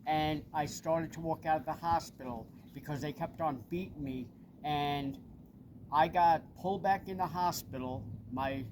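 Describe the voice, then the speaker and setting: A middle-aged man with a Long Island accent, making an urgent, insistent personal appeal straight to camera. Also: a little high. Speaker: person making a public complaint. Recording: noisy with vehicle sounds behind.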